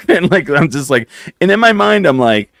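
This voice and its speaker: A man from near West Texas hosting a casual podcast, animated and quick to slip into voices while telling stories. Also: on the high side, no echo, clean studio sound. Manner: animated, jumps into voices and impressions. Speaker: podcast host. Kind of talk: casual chat.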